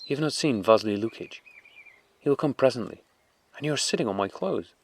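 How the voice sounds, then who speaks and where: A man voicing an affectionate, excitable little boy who talks in a high, eager childlike way. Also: brisk. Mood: chattering.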